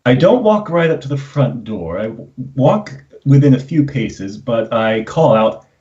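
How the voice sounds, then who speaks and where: A man's voice: medium pitch, sing-song, measured pace, mellow. A man playing a tabletop role-playing game over a video call that cuts out, hesitant and full of fillers. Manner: hesitant, many fillers and restarts. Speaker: player. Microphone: video call, cutting out. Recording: dull lo-fi call audio.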